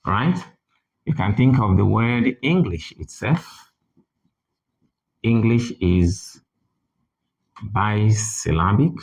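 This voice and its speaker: Slow, deliberate male English teacher. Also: fairly low pitch, very animated, vocal fry, husky, poor audio. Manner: slow and deliberate, repeating example words with exaggerated stress. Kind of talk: spoken phonetics lesson.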